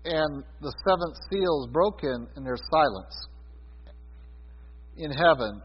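A man preaching a sermon on prophecy, talking with many fillers, sometimes loud and sometimes soft. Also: on the high side, animated, slow, slightly rough. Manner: conversational teaching with many fillers and swings in loudness. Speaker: Bible teacher. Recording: dull sound with a long hall reverb.

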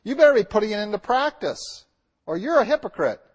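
A male preacher with a high voice delivers a sermon straight to the congregation. He talks directly and emphatically, slowing down and leaning hard on the words he wants to stick. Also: big pitch swings. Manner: emphatic, repeats key lines with slow stressed words. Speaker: pastor.

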